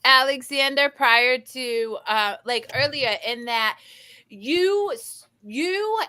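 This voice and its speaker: A woman hosting a casual talk show, animated and playful. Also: high-pitched, slow pace. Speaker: host. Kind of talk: casual chat.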